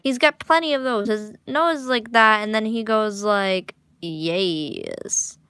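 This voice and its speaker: Girl rambling while she doodles, kinda high voice, dry close sound. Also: steady tone, normal speed, bright, forceful tone, clean tone, no room sound. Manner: rambling, self-mocking, restarts often. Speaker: art vlogger. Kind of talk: casual chat while drawing. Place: living room at home.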